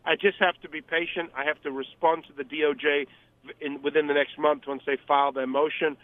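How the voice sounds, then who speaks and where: A man's voice: a little high, flat delivery, brisk, dry recording. A man calling in as a guest on a radio interview, talking emphatically, rambling and repeating himself. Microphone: telephone. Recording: tinny phone line, dry.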